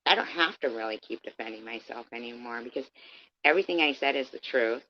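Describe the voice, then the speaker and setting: A woman's voice: very deep voice, brisk, slight background noise. A woman livestreaming an angry, profane rant, confronting her critics head-on. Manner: heated, profane, confrontational, addresses critics directly. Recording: dull lo-fi stream audio.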